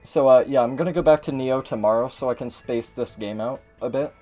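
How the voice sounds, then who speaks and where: A man's voice: mid-range voice, brisk, warm tone, faint music behind. A man giving casual gameplay commentary as a streamer, chatty and swearing a lot.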